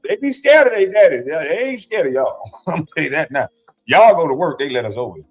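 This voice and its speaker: Man, reaction stream chat, crude joking, higher voice, lively swings. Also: fast, soft background music. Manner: animated, joking, crude storytelling. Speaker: stream co-host.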